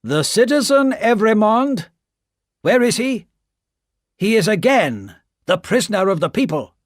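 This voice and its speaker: A woman voicing a rough, blunt revolutionary man who speaks loudly and sternly in a read-aloud story. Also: high voice, very animated, measured pace, no room sound, studio quality, voice pushed up. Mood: commanding.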